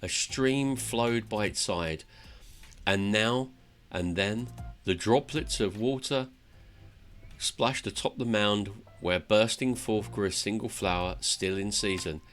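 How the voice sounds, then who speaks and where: A man's voice: on the low side, slow pace, a bit bright, faint music behind. A man reading aloud the lines of an earnest male dwarf hero telling of his quest, in a plain voice with no accent.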